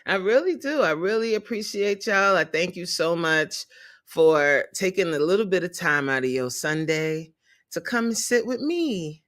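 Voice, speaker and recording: A fitness coach hosting a casual livestream, animated and openly emotional, laughing often and greeting viewers in the chat by name. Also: mid-range voice, measured pace.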